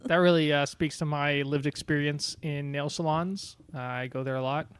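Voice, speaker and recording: A man co-hosting a casual podcast chat, with a deadpan, dry way of joking. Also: fairly high pitch, normal speed, clean tone. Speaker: podcast co-host.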